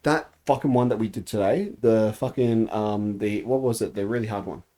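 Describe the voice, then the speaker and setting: A man chatting casually as a podcast co-host, laughing often and swearing as his voice jumps up when excited. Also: on the low side, normal speed. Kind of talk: casual chat among friends.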